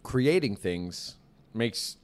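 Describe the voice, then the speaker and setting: A man's voice: lowish voice, expressive, drawn-out words. A man co-hosting a comedy podcast, rambling in casual banter and filling his talk with "like" and "you know". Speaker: podcast co-host.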